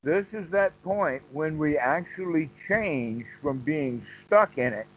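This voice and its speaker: A man teaching meditation on a call, explaining slowly and repeating phrases as he goes. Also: fairly high pitch, lively intonation, highs cut off, slight background noise. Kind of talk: dharma talk on a call.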